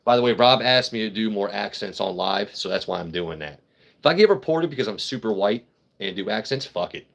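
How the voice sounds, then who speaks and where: A man's voice: lowish voice, lively intonation, a little fast, vocal fry. Crude, joking man chatting on a livestream. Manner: crude, joking, swears freely; rambling, talks straight to chat viewers. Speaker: livestream host. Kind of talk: casual livestream chat while drinking.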